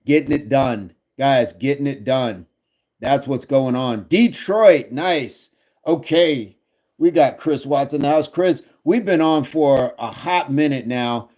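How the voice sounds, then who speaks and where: A man's voice: medium pitch, a little mellow. A man casually hosting a fitness livestream, joking and laughing as he reads chat comments aloud.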